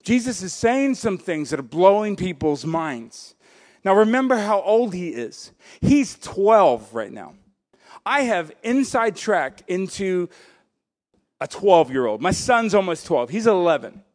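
A man preaching a sermon as pastor, animated and joking, breaking into laughter and acting out voices. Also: high-pitched, unhurried.

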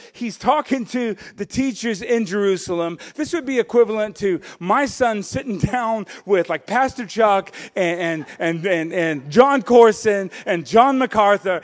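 A male pastor delivering a sermon with a somewhat high-pitched voice. He preaches in an animated, joking way, laughing often and acting out quotes.

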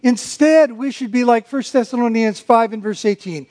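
A man preaching a sermon, emphatic, slowing down to stress key phrases and mimicking grumbling with muttered sounds. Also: extremely high pitch, a little mellow.

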